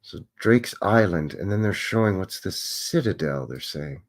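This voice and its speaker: A man's voice: deep voice, expressive, a little slow. A man hosting a live stream, musing and chatting as he thinks aloud over old photographs.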